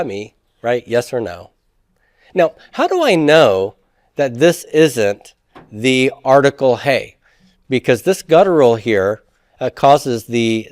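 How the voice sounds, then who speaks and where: A man's voice: medium pitch, dry recording, clean studio sound. A man teaching Hebrew grammar in a lecture, who poses rhetorical questions and then answers them himself. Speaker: Hebrew instructor. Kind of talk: classroom lecture.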